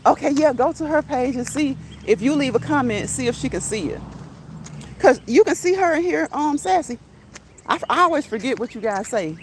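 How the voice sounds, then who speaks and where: Chatty laughing woman, fairly high voice. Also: lively intonation, normal speed, slight background noise. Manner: chatty, laughs often, reads chat aloud. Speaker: live-stream host. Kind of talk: casual live-stream chat while walking. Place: outdoors on a neighborhood walk.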